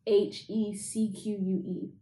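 A woman's voice: mid-range voice, flat delivery, slow pace, warm tone, reverberant, poor audio. A woman from England, chatting casually as a podcast co-host, diplomatic and a bit hesitant. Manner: diplomatic, hesitant, easily laughing. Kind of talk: casual chat.

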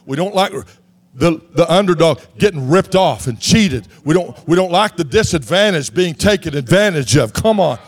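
A man from Texas, preaching a sermon in an animated way that rises to shouts. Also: on the high side, normal speed, no room sound. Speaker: pastor.

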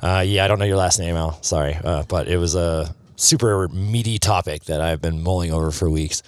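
Deep-voiced wry man on a podcast. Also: brisk, dry recording. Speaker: podcast co-host. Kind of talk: casual chat.

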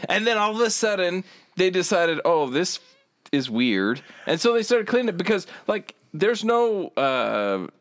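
A man with a fairly high voice that swoops up and down, arguing his case with stammering restarts. The sound is dry and close, with no room around him. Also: normal speed, dry recording. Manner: animated, argumentative, stammering restarts. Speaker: podcast co-host. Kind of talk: crude casual podcast banter.

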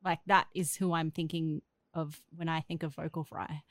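A woman's voice: sits low, flat delivery, normal speed, dry recording. Woman co-host with a dry, close sound. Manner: frank, hesitant opinions. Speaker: podcast co-host. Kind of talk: casual podcast chat.

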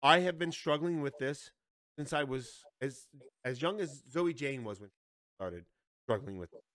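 A man's voice: mid-range voice, animated, unhurried, fairly bright tone, no echo, studio quality. A man in his forties telling a story in casual podcast chat, swearing a lot and growing heated. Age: 40s. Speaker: podcast co-host.

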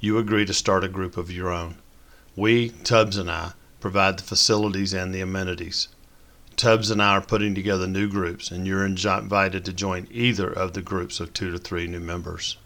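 Man narrator, deep and forceful, steady descriptive audiobook reading. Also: moderate pace. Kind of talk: scripted story narration.

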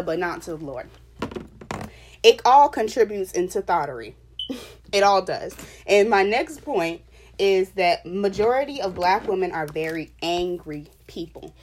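A woman's voice: mid-range voice, expressive, unhurried. A woman giving an opinion monologue, passionate and emphatic, lecturing her viewers with small laughs between points. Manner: preachy, lecturing. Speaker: vlogger.

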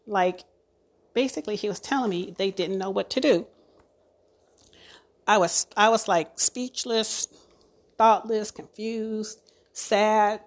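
Woman retelling a hard experience. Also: mid-range voice. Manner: emotional retelling, halting, many fillers. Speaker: ICU nurse. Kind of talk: personal testimony.

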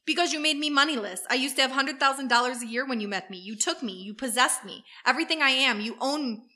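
A woman plays a frightened woman who stands her ground. She talks fast in a high, very bright voice that swings between quiet pleading and shouting. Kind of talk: comedic podcast re-enactment.

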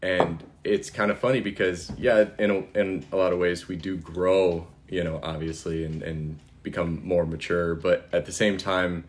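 A young man with a very deep, low voice chatting on a faith podcast. He tells stories in a laid-back, easygoing way, dropping "dude" often. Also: steady tone, normal speed, hardly any pauses. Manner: laid-back storytelling, says dude a lot. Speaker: podcast co-host. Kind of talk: casual faith chat.

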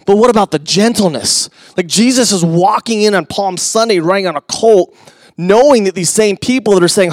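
A middle-aged male pastor delivering a sermon in a fairly high voice. He talks conversationally, with asides to the congregation, and drops from loud emphasis into hushed near-whispers. The sound is dry and close, with little room echo. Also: brisk.

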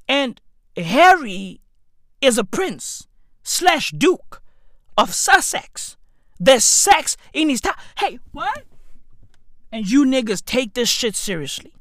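A woman's voice: high voice, a bit bright, no room sound. A woman delivering a profane, incredulous comedic rant, piling on exclamations and repeated interjections. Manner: repetitive, stacks interjections.

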